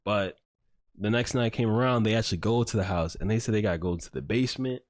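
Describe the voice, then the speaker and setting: A man's voice: lowish voice, quick pace, no room sound, studio quality. A man hosting a podcast, recounting a story in a rambling, casual way with lots of filler words and swearing. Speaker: podcast host. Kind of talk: casual chat.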